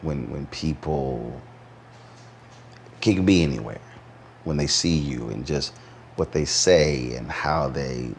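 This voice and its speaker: A man's voice: a bass voice, takes it slowly, vocal fry, long pauses, a little hiss or hum. A man hosting a conversational interview, telling stories and acting out what people said to him. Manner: animated storyteller, acts out quotes. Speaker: host.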